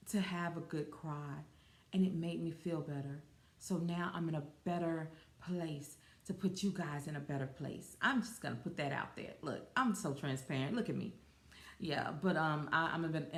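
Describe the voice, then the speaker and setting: A woman with a deep voice hosts her own casual solo podcast, giggling often and calling her listeners y'all. The sound is roomy.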